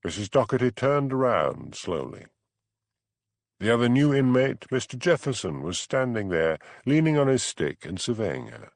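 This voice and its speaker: A man reading an audiobook in a measured, even storytelling manner. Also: mid-range voice, gravelly, no echo. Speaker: audiobook narrator. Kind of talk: scripted narration.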